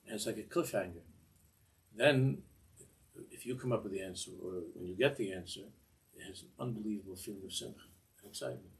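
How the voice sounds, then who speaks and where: A man's voice: fairly low pitch, fairly quick. An older man teaching a Torah class in a discursive way, often repeating words and mixing in Hebrew phrases.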